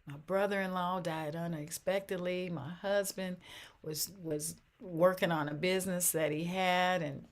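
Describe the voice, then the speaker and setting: An older woman with a somewhat low voice shares a personal testimony of faith in an interview. She speaks earnestly and repeats herself as she goes. Her voice rises and sinks with feeling. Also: steady tone, unhurried. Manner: earnest, repeats phrases, voice swells and drops with emotion. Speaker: interview guest.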